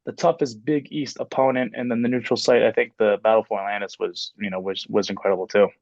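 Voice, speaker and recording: Speaking fast in a fairly low, gravelly, darkish voice with a level tone, this man in his twenties guests on a podcast. He's a basketball coach who rambles casually, restarting often and using many fillers. The audio is muffled with no room sound.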